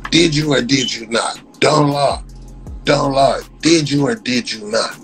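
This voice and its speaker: A man's voice: medium pitch, measured pace, fairly bright tone, faint music behind. A man ranting on a livestream, heated, repetitive and mocking.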